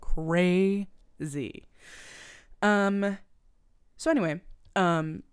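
A young adult woman co-hosts a podcast, recapping a movie in casual chat while swearing freely and acting out the characters' lines with animation. Her voice is on the low side, clear and resonant, and she speaks extremely slowly.

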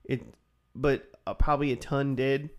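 A young man co-hosts a relaxed podcast chat. He rambles, trailing through fillers and restarts before landing his point. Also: medium pitch, normal speed. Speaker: podcast co-host. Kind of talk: casual chat.

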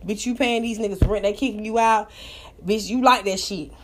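A woman hosting a casual live talk room, telling stories and ranting bluntly with profanity and sudden loud outbursts. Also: mid-range voice, moderate pace. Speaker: live audio room host. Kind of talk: casual storytelling rant.

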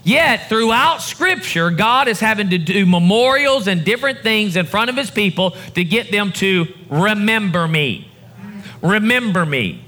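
A man's voice: high voice, animated, measured pace, sharp tone. A male pastor preaching a sermon to his congregation in a church service, building his emphasis in a call-and-response way.

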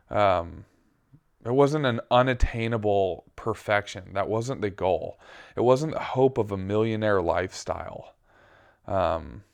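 A man speaking from the pulpit, telling his own story with candid, reflective pauses and frequent fillers. His voice sits a little low and sounds smooth and clear, and he takes his time. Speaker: preacher. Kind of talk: personal testimony sermon.

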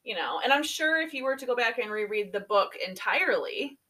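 A woman co-hosting a casual book podcast, agreeable and steady as she explains her views. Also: a little high, brisk. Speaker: podcast co-host.

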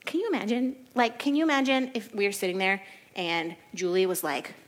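A woman giving a casual Bible study, chatty and animated, often laughing and saying "like". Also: mid-range voice, fairly quick. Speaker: Bible teacher.

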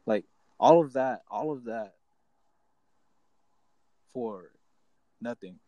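A man's voice: mid-range voice, takes it slowly, warm tone, dry recording, highs cut off. A young man telling a rambling, profane story to his friends in casual chat. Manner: rambling, profane, restarts often.

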